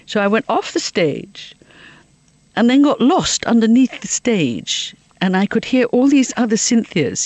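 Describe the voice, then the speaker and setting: Laughing woman telling lively stories. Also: fairly high pitch, measured pace, no room sound. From Liverpool, England. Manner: laughs often, lively comic storyteller. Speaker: interview guest. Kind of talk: anecdotal storytelling.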